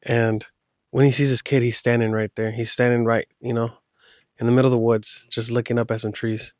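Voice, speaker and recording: A man spins a spooky tale in a loose, rambling way, like chatting with a friend. His voice sits at a middling pitch and sounds dry and close, with no room around it. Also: level tone, fairly quick, a little mellow, dry recording. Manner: loose, rambling retelling with slang. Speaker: podcast host telling a horror story. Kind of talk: casual storytelling.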